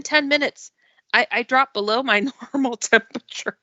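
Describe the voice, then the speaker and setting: A woman guest telling stories in a casual chat, animated and laughing often. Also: a little high, moderate pace, no echo, dull audio.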